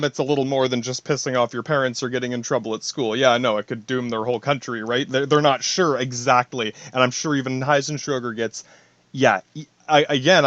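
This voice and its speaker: A man's voice: mid-range voice, a bit bright, no room sound. Rambling profane man, dull lo-fi sound. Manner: profane, rambling, talks to himself in asides. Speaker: podcast host. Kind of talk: rambling solo monologue.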